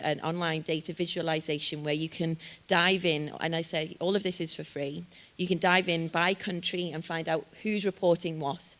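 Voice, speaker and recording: Upbeat Liverpool woman on a panel. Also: low-pitched. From England. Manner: upbeat, self-deprecating, repeats words as she thinks. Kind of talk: conference panel answer.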